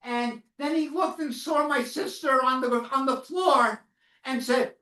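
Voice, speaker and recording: Woman, high voice, unhurried. Solemn first-person testimony to students with audience questions. Mic far off in an echoey room. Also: fairly bright tone. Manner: questions the audience often and waits for answers; slow, solemn storytelling. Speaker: Holocaust educator speaking to students. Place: classroom or lecture hall.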